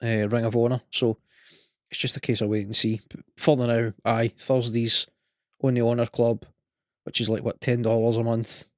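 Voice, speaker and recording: A man's voice: medium pitch, little pitch movement, moderate pace, dry recording, clean studio sound. A Scottish man co-hosting a podcast, chatting casually in a rambling, hesitant way. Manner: rambling, hesitant, lots of fillers. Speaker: podcast co-host. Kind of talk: casual chat.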